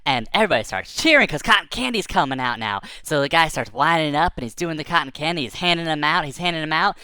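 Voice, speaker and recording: A woman's voice: low-pitched, expressive, fast, bright, forceful tone, clear, resonant tone, no echo, clean studio sound. A woman telling a silly first-person tall tale for kids, playful and exaggerated, breaking into sing-song chants. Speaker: storyteller.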